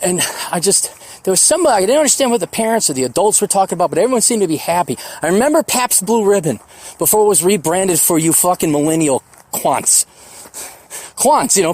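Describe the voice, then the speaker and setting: A man in his forties talks alone into his podcast mic, drifting from memory to musing. His voice sits a little high for a man. He swears freely and wanders in a loose, reflective ramble. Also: expressive, a little mellow. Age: 40s. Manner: rambling, profane, reflective, mocks others in quick put-on voices. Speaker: podcast host. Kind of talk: solo podcast monologue.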